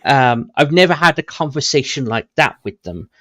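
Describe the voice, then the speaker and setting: A man's voice: mid-range voice, animated, moderate pace, pushed and bright, no room sound. A man chatting casually, hesitant and blunt, with many restarts. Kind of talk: casual stream chat. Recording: dull dry lo-fi mic.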